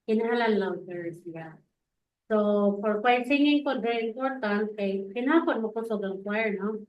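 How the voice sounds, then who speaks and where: In an echoey room with dull lo-fi sound, a woman gives a relaxed music-notes lesson, mixing languages and tacking on tag questions. She talks at normal speed with a medium-pitched voice.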